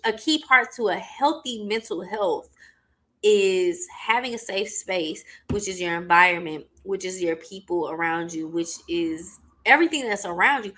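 Woman w/ aave just talking on her podcast, bright punchy voice, keeps checking in with "okay?". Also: medium pitch, normal speed. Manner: emphatic, repetitive, conversational with frequent "okay?" and "y'all". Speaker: podcast host and mental health business owner. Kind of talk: casual solo podcast talk.

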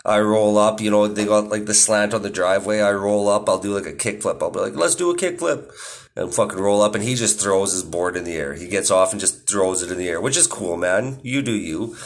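A man's voice: fairly low pitch, steady tone, a little fast, few pauses. A man in his thirties hosting a podcast, rambling casually with constant swearing and laughing at his own stories. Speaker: podcast host. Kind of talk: casual monologue.

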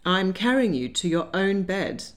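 A woman voicing a composed, dryly amused young Regency gentleman in an audiobook. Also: on the low side, sing-song, measured pace. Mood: wry. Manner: wry, teasing, composed.

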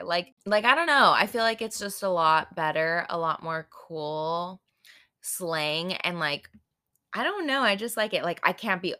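With a fairly low, sharp voice at normal speed, this twenty-something podcast host chats animatedly on her own show. Her talk wanders, stuffed with "like" and "I don't know," and she swears in a frank, playful way.

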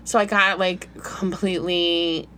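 A woman in her thirties, co-hosting a casual chat and telling a comic story, acting out quotes loudly. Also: fairly low pitch, measured pace. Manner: animated, acts out quotes loudly. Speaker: podcast co-host. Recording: noisy background.

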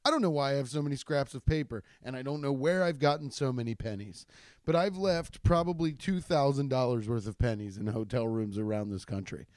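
A man's voice: mid-range voice, brisk, a little mellow, no room sound, studio quality. A man, a stand-up comedian, telling rambling, profane stories in a casual chat with many restarts. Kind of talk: casual storytelling podcast.

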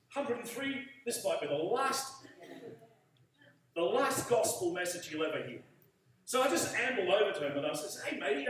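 A man preaching, telling a story and leading prayer, acting out the dialogue. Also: high voice. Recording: echoey room from far off.

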